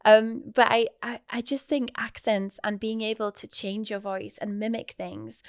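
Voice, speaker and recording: Gravelly-voiced enthusiastic woman podcast host. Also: fairly high pitch, fairly even intonation, a little slow, no echo, studio quality. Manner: enthusiastic and inquisitive, with frequent affirmations. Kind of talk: interview conversation.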